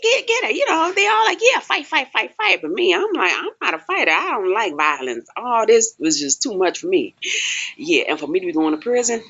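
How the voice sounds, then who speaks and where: A young woman casually telling a story to her viewers, exclaiming and laughing often and acting out the voices of others. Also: lowish voice. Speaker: vlogger. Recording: dull lo-fi home recording.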